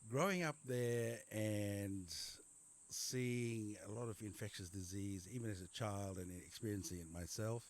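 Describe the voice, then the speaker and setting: A man's voice: deep voice, a little mellow. A middle-aged man with an Australian accent, a doctor being interviewed and telling his life story in a rambling way, repeating words and using many fillers. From Papua New Guinea. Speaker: general practitioner guest. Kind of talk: conversational interview.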